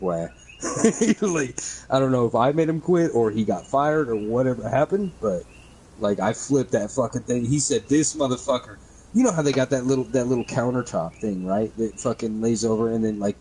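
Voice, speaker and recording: A man's voice: lowish voice, brisk, a little mellow, slightly rough, poor audio. A man streaming a game, telling a heated story in casual chat full of swearing.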